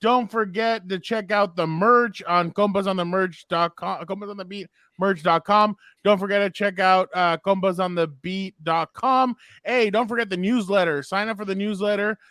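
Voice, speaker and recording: A male podcast host closing the episode with casual promotional plugs and frequent filler pauses. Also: high voice, fairly bright tone, dry recording. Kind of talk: casual sports podcast outro.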